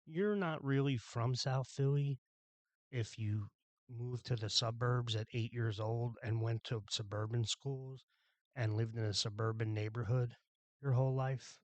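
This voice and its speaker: A man's voice: mid-range voice, steady tone, unhurried, darkish tone, no echo. Blunt, profane man ranting on a podcast. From Philadelphia. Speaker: podcast host. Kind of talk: solo podcast rant.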